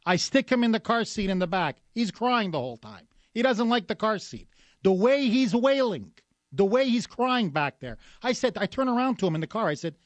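High-voiced ranting talk radio host, a man. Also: very animated, moderate pace, no echo. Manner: combative, ranting, sarcastic. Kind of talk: opinionated talk radio monologue.

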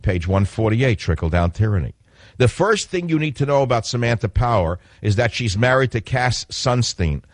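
A man's voice: mid-range voice, expressive, normal speed, dry recording. A man hosting a political radio talk show, speaking in an emphatic monologue that repeats and stresses key phrases.

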